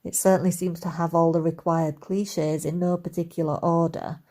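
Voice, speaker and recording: A woman's voice: on the low side, level tone, moderate pace, darkish tone, lightly acted. A woman voicing a cheeky, flirtatious Scottish man who teases wryly. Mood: teasing.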